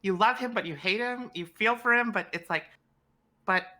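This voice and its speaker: A woman's voice: medium pitch, moderate pace, pushed and bright. A woman co-hosting a casual book club chat, musing thoughtfully and leaning on filler words.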